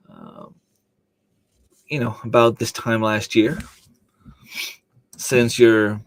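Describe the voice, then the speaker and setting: A man's voice: on the low side, no room sound. A man hosting a casual livestream, rambling along and answering viewers' chat comments with plenty of ums and uhs. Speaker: livestream host.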